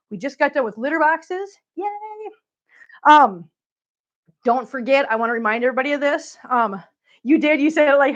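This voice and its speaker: A woman with a high voice, speaking at normal speed, hosts a casual livestream, chatting with her viewers and cooing baby talk at her cats. The recording sounds dull and lo-fi.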